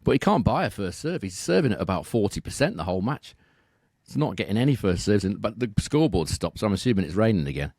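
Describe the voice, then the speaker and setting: Low-voiced analyst with a dry sound. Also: male voice, big pitch swings, a little mellow, no echo. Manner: measured, reels off stats, asks tag questions. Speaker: tennis betting analyst. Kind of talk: casual podcast analysis.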